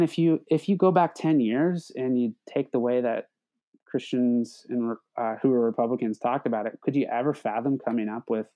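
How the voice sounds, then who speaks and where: Hesitant man with a mellow voice. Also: mid-range voice. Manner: hesitant, frequent restarts and stammered repeats. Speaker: podcast guest. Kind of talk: reflective conversational talk.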